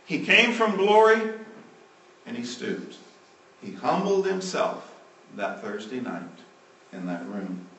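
A male preacher delivering a sermon, swinging between loud emphatic lines and hushed, trailing phrase endings. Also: mid-range voice, very animated, takes it slowly, pauses often, recorded from a distance, a little hiss or hum. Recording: roomy, from off the mic.

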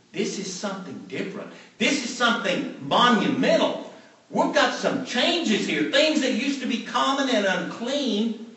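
A man's voice: high voice, a bit bright. A man preaching a sermon, retelling scripture with emphatic repetition and a storytelling manner. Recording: very echoey room, mic far off.

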